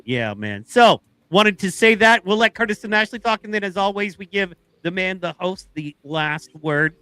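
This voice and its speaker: A man hosting a live podcast, cheering on his guests and moving the show along quickly. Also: high-pitched, expressive, bright, forceful tone, clear, resonant tone, no echo. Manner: hyped, cheering, fast-moving. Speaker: podcast host.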